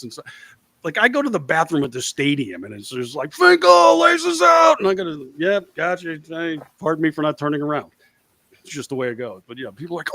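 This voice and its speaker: A man co-hosting a casual podcast chat, swearing freely and acting out quotes in a loud, higher voice. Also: no room sound. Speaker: podcast co-host.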